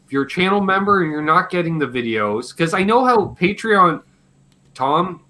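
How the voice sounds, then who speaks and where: Male livestream host, fairly high, bright, a touch hoarse, loose and swearing. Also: very animated, normal speed. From Canada. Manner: rambling, joking, swears casually. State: slightly hoarse. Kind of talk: casual live Q&A chat.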